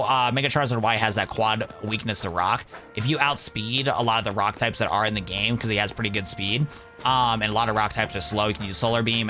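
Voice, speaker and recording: A man's voice: fairly low pitch, bright, forceful tone. A young man chatting casually on a live stream, rambling and laid-back, calling his viewers "bro".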